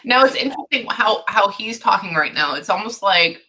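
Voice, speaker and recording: A woman's voice: mid-range voice, lively intonation, normal speed, few pauses, pushed and bright. A woman giving a psychic reading to a client, thinking aloud and stopping herself with "hang on" over and over. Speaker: psychic medium.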